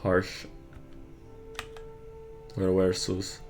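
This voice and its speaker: A man quizzing himself on word cards, muttering terse answers and quick verdicts of right or wrong. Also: sits low, monotone, over music. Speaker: vlogger drilling vocabulary.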